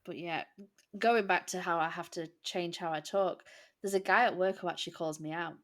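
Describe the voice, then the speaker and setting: A woman's voice: on the low side, steady tone, a bit bright. A woman in her late thirties, co-hosting a podcast and telling everyday stories in a chatty way. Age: 30s. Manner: chatty storytelling, quick laughs. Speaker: podcast co-host. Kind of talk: casual chat.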